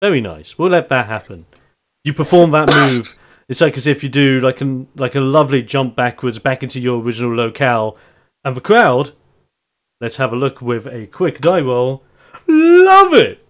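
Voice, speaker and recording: Male GM, animated wrestling-announcer narration, average pitch. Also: moderate pace. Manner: lively, laughing, ring-announcer flair. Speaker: game master. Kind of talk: narrating a tabletop wrestling game.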